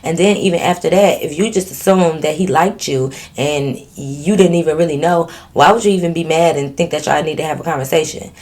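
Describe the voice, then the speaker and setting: Woman vlogger, lowish voice, storytime reader with sassy teasing commentary. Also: brisk, hardly any pauses, darkish tone. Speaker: channel host. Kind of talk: reading a viewer's story aloud with commentary.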